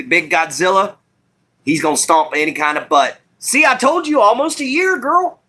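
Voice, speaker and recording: A Texan man with a country twang hosts a loose, rambling live-stream chat. His voice sits a little high for a man and is bright and forceful. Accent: Southeast Texas country twang.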